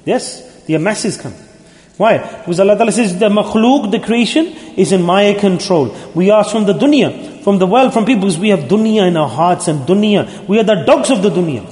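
Male preacher, high register, earnest and imploring, repeats his points; mosque hall, reverberant and roomy. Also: lively intonation, brisk, darkish tone. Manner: earnest, pleading, repetitive exhortation. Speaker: Sufi religious teacher leading dhikr gatherings. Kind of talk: sermon. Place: mosque gathering. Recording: roomy hall with long echo.

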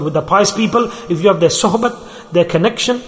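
A man's voice: sits high, quick pace. A man preaching a sermon in an emphatic, repetitive way. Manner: emphatic, repetitive, acts out pleading voices. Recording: hall reverb.

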